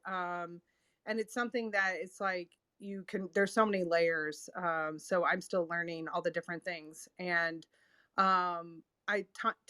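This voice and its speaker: Woman host, casual chat, lowish voice, bright tone, dry close sound. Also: no room sound. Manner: warm, chatty, many ums and laughs.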